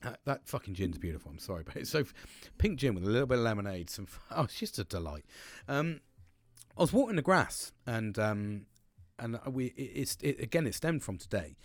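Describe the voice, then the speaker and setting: A man's voice: mid-range voice, expressive, brisk, no room sound. A man talking alone on his podcast in a casual, rambling way, swearing often and restarting his sentences. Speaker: podcast host. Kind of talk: casual personal monologue.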